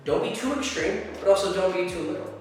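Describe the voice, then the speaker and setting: This dating coach, a man with a high-pitched voice, talks fast as he teaches to camera, swearing freely and acting out examples. Soft background music plays, and the sound is echoey, like a hall with the mic far off.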